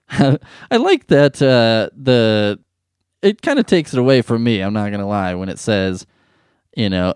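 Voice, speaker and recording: A man reading a sentimental story aloud and mocking it with sarcastic, deadpan asides. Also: mid-range voice, normal speed, clear, resonant tone, no echo, studio quality. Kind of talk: mocking commentary over a read-aloud story.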